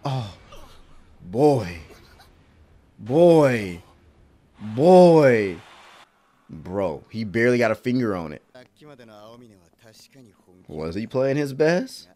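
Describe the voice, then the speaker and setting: A man's voice: medium pitch, sing-song, drawn-out words, long pauses, warm tone. A man hosting an anime reaction video, talking in casual, slangy commentary, exclaiming and laughing often.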